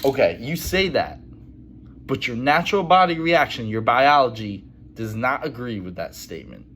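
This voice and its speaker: A man's voice: medium pitch, very animated, normal speed, a bit bright, a little hiss or hum, poor audio. A man in a casual monologue to camera, blunt and emphatic, with lots of "you know". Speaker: vlogger.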